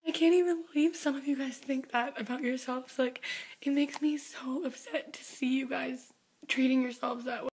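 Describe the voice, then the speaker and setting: A woman's voice: high-pitched, fairly even intonation, normal speed, a little mellow. A young woman singer who has just been crying, talking earnestly to her fans, often dropping into a whisper. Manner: earnest, breathy, drops to whispers, many "like"s. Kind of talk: emotional vlog address to fans.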